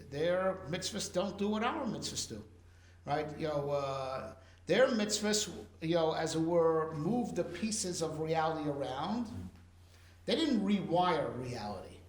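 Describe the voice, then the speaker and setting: Male rabbi lecturer, high voice, animated, roomy echo. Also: takes it slowly. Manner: animated, explains with rhetorical questions and fillers. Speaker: rabbi teaching a class. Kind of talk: Torah class lecture.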